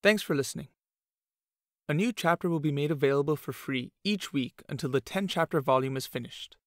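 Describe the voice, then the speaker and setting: Male narrator for a fantasy audiobook; steady, dry, close-miked read. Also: on the high side, fairly quick, no room sound.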